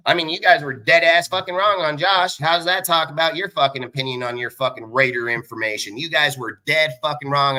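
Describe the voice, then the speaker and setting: A man in his forties hosts a livestream and lets loose a profane, combative rant. His voice is sharply bright, tense and forceful, and sits a little high for a man. He talks in quick, blunt, boastful bursts. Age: 40s. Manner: rapid bursts of speech. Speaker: live show host.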